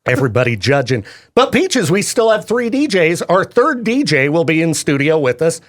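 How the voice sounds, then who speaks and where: Lively high-voiced male radio DJ. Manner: jokey, chatty, quick laughs. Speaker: radio DJ host. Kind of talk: casual studio chat. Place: radio studio. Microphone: studio microphone.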